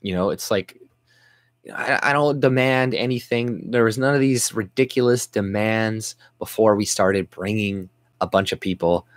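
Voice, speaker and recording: A man's voice: fairly low pitch, a little slow, dry recording. A young Canadian man ranting angrily on his vlog, swearing and restarting his sentences often. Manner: profane, exasperated, rambling with restarts. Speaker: vlogger. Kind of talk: angry political rant.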